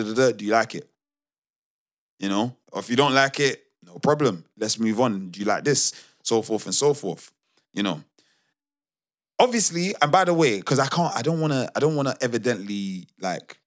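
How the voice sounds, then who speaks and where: A young man co-hosting a podcast, telling work stories in a casual, animated, slangy way with many restarts. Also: medium pitch. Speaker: podcast co-host. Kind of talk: casual storytelling chat.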